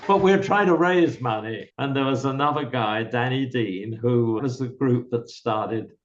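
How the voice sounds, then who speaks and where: An older man, a guest in an interview, recalls his career in a measured, explanatory way. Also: mid-range voice, a little hiss or hum. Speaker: guest, software founder. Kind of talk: candid reminiscing interview. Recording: slightly dull lo-fi recording.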